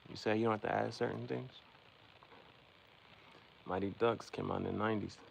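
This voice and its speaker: Gravelly low-voiced man on a livestream. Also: fairly even intonation, moderate pace. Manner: rambling, philosophizing, addressing chat directly. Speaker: livestream host. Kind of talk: casual livestream chat. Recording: dull lo-fi sound with faint background noise.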